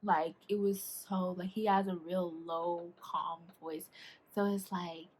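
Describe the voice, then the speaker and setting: A young woman, chatting casually as a vlogger through a storytime about a date, animated and laughing as she acts out what people said. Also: fairly low pitch, slow, breathy edge.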